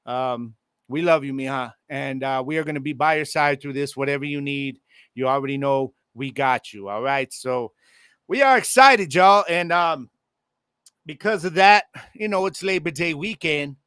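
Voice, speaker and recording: Excitable man, bright dry voice. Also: mid-range voice, moderate pace, smooth, dry recording. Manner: loose, excitable, talks straight to listeners with slang. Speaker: podcast host. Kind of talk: casual sports podcast monologue. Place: home room with air conditioning.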